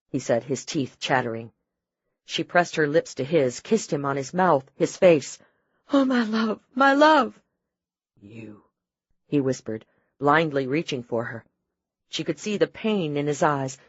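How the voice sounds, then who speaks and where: A woman reads an audiobook in a low, steady, measured voice. The recording is dry and close, with a slightly dull, muffled tone. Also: no echo. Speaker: audiobook narrator. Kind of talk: scripted narration.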